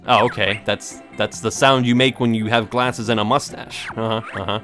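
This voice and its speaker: A man's voice: lowish voice, steady tone, normal speed, few pauses, a bit bright, faint music behind. A young man giving casual, jokey gameplay commentary with sarcastic, rambling asides. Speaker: let's play host.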